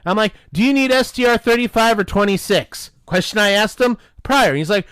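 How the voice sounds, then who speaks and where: A man's voice: high voice, moderate pace, clean tone, dry recording, studio quality. A man co-hosting a podcast, telling a profane workplace story and acting out the dialogue. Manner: animated, profane, acts out dialogue. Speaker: podcast co-host. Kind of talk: casual storytelling with friends.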